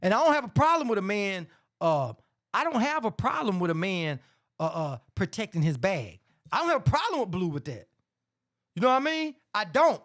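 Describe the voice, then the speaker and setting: A man's voice: high voice, big pitch swings, moderate pace, a bit bright. Blunt, profane man ranting about boxing. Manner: blunt, profane, repeats "man" a lot, gets heated. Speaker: sports talk show host. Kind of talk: casual boxing commentary rant.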